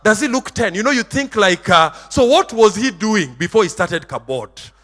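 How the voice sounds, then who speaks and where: A man preaching in a church hall, with a very high, sharp and bright voice. He is emphatic and theatrical, swinging between shouts and a sing-song lilt. A long hall reverb trails behind his words. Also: expressive, normal speed, soft background music. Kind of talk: sermon.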